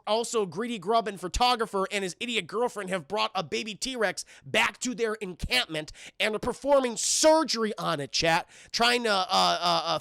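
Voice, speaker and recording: A young man recapping a film for his live chat in a rambling, profane way, acting out the characters' lines in quick bursts. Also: sits high, gravelly, sharp tone, no room sound, clean studio sound. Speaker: film reviewer streaming to chat.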